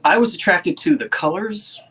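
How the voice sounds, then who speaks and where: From South Jersey, USA, an antiques reseller speaks in a mid-range, husky voice that is sing-song, pushed and bright, at a moderate pace. Sitting indoors at a desk with a laptop, they show a painting to a live chat, rambling casually and laughing often while building suspense.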